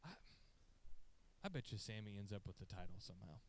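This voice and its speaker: A man co-hosting a podcast, chatting casually and retelling stories in a rambling, animated, profane way. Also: on the low side, brisk. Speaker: podcast co-host. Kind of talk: casual chat, excited storytelling. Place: podcast studio.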